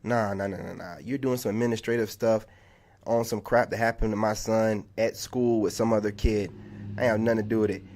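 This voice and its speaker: A man's voice: on the low side, fairly even intonation, brisk, darkish tone. A man ranting in a vlog monologue, heated and exasperated, peppering his talk with "man". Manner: heated, exasperated, repetitive storytelling with lots of "man". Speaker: content creator.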